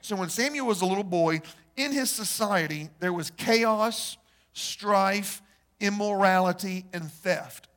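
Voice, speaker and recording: Animated pastor preaching, man. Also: high voice, a little slow. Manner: animated, joking, shouts in bursts. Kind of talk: sermon.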